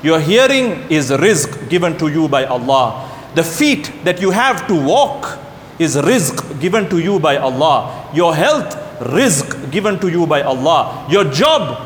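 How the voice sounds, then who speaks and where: A man delivers a sermon in a high, animated voice that climbs and falls as he tells stories and briefly acts out the people in them. He sounds far-off in a roomy hall with a long, ringing echo. A faint rumble sits under the recording. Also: a little slow. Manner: animated storytelling, voices the characters in anecdotes. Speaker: preacher.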